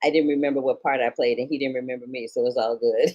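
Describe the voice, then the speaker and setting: A woman's voice: a bass voice, steady tone, fast talker, darkish tone, low-quality recording. A woman from St. Louis, Missouri, hosting a casual film review podcast, talking emphatically with slangy asides to her listeners. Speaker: film critic and podcast host.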